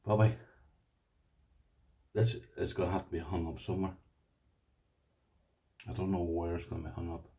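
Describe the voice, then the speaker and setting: A man's voice: sits low, steady tone, moderate pace, long pauses, warm tone, distant mic. A man with an Irish accent chatting casually on his vlog, gushing and repeating himself as he talks to his viewers. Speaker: lockpicking vlogger. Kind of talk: casual excited unboxing chat.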